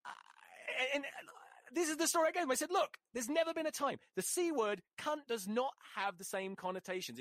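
A man hosting a solo podcast, telling stories in a profane, animated ranting way. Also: high voice, no room sound. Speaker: podcast host.

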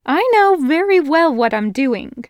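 A woman reading an audiobook voices a bold, cheerful young village woman who teases and insists in a raised, bright voice. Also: high-pitched, sing-song, a little slow, no echo, studio quality, pitched above the performer's own voice. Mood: warm firm. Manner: teasing, laughing, insistent.

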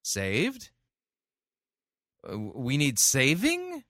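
A man commenting on a sermon recording in a conversational, animated way, often restarting his sentences. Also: mid-range voice, normal speed, no echo, studio quality. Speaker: sermon reviewer.

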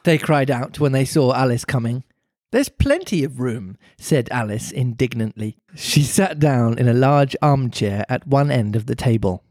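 A man reads narration in an even, measured way, his voice in the middle of the usual male range. The sound is dry and close, with no room around it. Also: medium pitch, dry recording. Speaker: podcast co-host reading aloud. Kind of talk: book-club chat and read-aloud.

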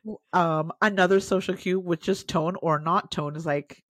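A woman co-hosting a podcast keeps the conversation casual, laughing a lot and cursing casually. She speaks at normal speed in a lowish, steady voice, and the recording is dry and studio-clean.

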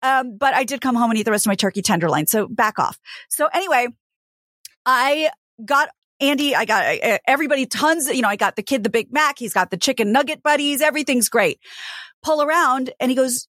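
A woman's voice: high voice, brisk, dry recording, studio quality. A woman co-hosting a podcast, chatting casually and telling stories with plenty of acted-out back-and-forth. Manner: animated storytelling, acting out both sides of exchanges. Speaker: podcast co-host. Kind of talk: casual chat.

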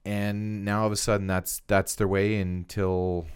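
A man with a low voice chats casually on a podcast. He rambles a little and stumbles over his first words before he finds the point. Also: flat delivery, a little slow, smooth. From Canada. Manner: rambling, repeats words when starting sentences. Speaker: podcast co-host. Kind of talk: casual political chat.

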